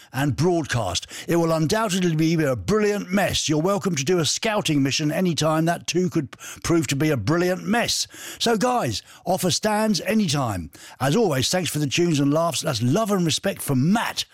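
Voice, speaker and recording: A man's voice: a little high, no echo, studio quality. A man hosting a casual radio show, reading listener messages in a jokey, rambling way. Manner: jokey, rambling, laughs at own stories. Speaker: radio host. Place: radio studio.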